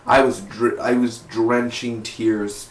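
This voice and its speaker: A young man giving a casual vlog review of a TV episode in an excitable, slangy way, peppered with "man" and "dude". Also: medium pitch, slow pace. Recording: roomy echo.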